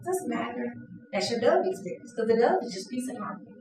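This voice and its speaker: A woman trainer leading an interactive classroom lesson, lively and playful, acting out examples. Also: fairly high pitch, fast talker, background noise. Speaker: workshop trainer. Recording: echoey room from a distance.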